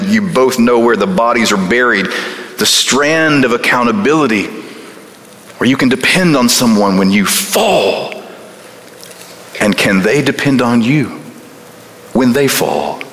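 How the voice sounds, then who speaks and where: A man pastor delivers a folksy, emphatic sermon and keeps asking the congregation questions. His voice is bright and forceful. It rings out in a church sanctuary with a long, roomy reverb. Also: on the low side, a little slow.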